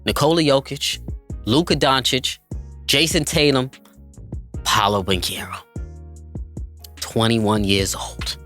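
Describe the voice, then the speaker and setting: A man's voice: mid-range voice, slow pace, pauses often, fairly bright tone, faint music behind. A man hosting a basketball podcast, talking emphatically and hyping players up, calling his listeners family. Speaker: podcast host. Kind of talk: enthusiastic basketball commentary.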